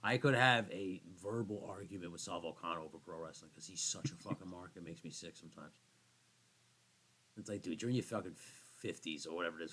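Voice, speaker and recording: A man co-hosting a podcast in loose, rambling chat. His voice sits low but swings widely in pitch. He is quick to run himself down. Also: fairly bright tone, breathy edge. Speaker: podcast co-host. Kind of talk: casual chat.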